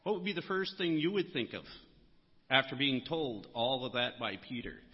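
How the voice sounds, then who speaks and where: Man, preacher, sermon, earnest, stresses key words, husky, long reverb. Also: medium pitch, expressive, moderate pace. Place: church sanctuary. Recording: muffled sound with long hall reverb.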